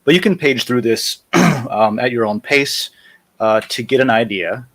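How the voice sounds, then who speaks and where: A man's voice: mid-range voice, measured pace, fairly bright tone, a little hiss or hum. A man hosting a casual live-stream chat, walking viewers through a website demo and correcting himself as he clicks through screens. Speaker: host.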